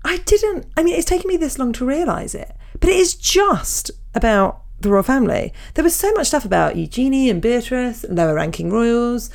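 A woman chatting as a podcast co-host, giggly and playful. Her pitch is lively and swoops around, and she tends to ramble and backtrack mid-sentence. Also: moderate pace, creaky, hardly any pauses. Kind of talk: casual chat.

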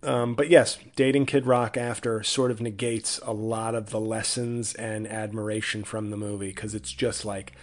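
A man's voice: lowish voice, flat delivery, moderate pace, hardly any pauses. A man hosting a podcast in a casual, rambling comedic monologue that often breaks off and restarts. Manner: rambling, self-interrupting. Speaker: podcast host.

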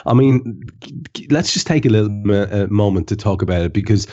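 A man with a low voice hosts a football podcast in casual chat. He builds each point with eager repetition and restarts, and the recording sounds dull and lo-fi. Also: expressive, mellow. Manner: enthusiastic, repeats himself, drawn-out phrasing. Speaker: podcast host.

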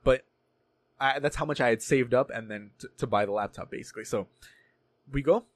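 A man's voice: medium pitch, a little fast, dry recording. A young man telling a story in casual chat, swearing freely and acting out what others said. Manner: profane, animated storytelling with mimicked voices.

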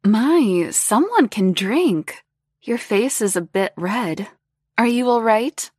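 A woman voicing a confident, teasing older woman who speaks in a slow, purring, coaxing way. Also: fairly high pitch, expressive, a little mellow, husky, no room sound, clean studio sound, voice pushed up, heavily acted.

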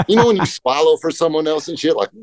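Middle-aged male skater guest, animated storyteller, swears freely, slightly high voice, dry close mic. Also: fairly quick, no echo. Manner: animated, profane, acts out quotes in voices. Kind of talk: casual storytelling chat.

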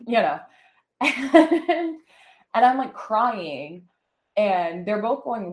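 A woman's voice: medium pitch, expressive, normal speed, darkish tone. A woman co-hosting a podcast in casual personal chat, candid and rambling, full of "like" and "you know", recorded at home. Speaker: podcast co-host. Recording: echoey room.

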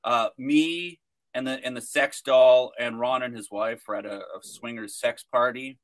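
A man's voice: mid-range voice, steady tone, unhurried. A man telling a long story on a podcast, rambling with many restarts and fillers. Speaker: guest, protester.

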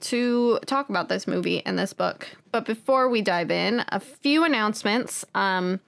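A woman co-hosting a book podcast in unhurried, chatty casual talk. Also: mid-range voice, gravelly. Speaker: podcast co-host. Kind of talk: casual chat.

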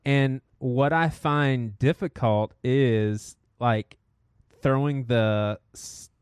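A man's voice: mid-range voice, extremely slow, darkish tone, clean tone, no echo, studio quality. A man co-hosting a casual podcast who keeps the talk moving through his list of topics. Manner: keeps steering talk back to his checklist. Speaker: podcast co-host. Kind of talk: casual chat.

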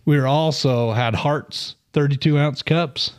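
A man's voice: on the high side, a little slow, clear, resonant tone. A man hosting a casual podcast, telling a story with bursts of laughter. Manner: animated, laughs through his stories. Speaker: podcast host.

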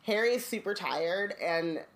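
A woman co-host talks things through in a musing, rambling way, with plenty of fillers. Her voice sits in a middle pitch and sounds plain. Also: animated, unhurried. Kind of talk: casual chat and reading a book aloud.

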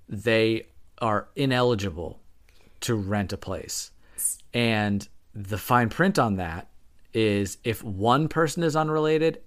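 Rambling, self-correcting young male podcast host. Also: on the low side. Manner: explains at length, hedging and correcting himself. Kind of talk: casual chat.

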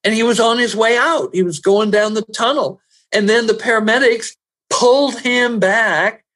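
A man who works as a personal growth trainer, telling stories in an interview, animated and rising loud at the dramatic moments. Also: high-pitched, normal speed. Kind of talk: storytelling in an interview.

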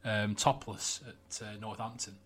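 A young man, co-hosting a podcast, trading wry banter and quick jokes. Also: fairly low pitch, level tone, a bit bright, slightly rough. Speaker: podcast co-host. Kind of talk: casual chat.

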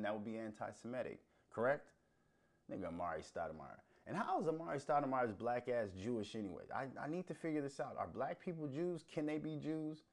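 A male host ranting on a commentary stream, heated and profane, swinging between loud outbursts and low mutters.

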